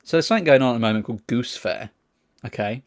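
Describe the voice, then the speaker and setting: A man's voice: medium pitch, fast talker, no echo. Male co-host from England, casual anecdotal delivery, swears, dry sound. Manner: chatty anecdotes with swearing and laughter. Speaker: podcast co-host. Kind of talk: casual chat.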